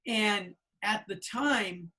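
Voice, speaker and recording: A man in his fifties, a podcast co-host, telling anecdotes in a casual, animated way with plenty of fillers. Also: high voice, extremely slow. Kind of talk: casual storytelling chat.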